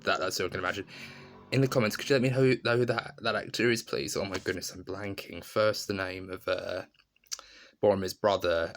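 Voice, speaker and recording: A man's voice: low-pitched, a bit bright. A man giving a casual, rambling, enthusiastic film review in a vlog. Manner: rambling, enthusiastic, many fillers.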